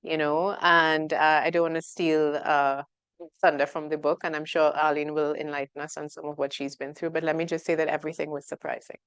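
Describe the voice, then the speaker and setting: Woman author, low and smooth, thoughtful and a bit hesitant, dry sound. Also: flat delivery, brisk, no echo. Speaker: author, interview guest. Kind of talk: interview conversation.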